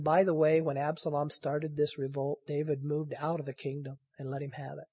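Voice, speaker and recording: A man's voice: a little high, little pitch movement, brisk, darkish tone, husky, long reverb tail. A man preaching a sermon, pressing the room with impassioned rhetorical questions.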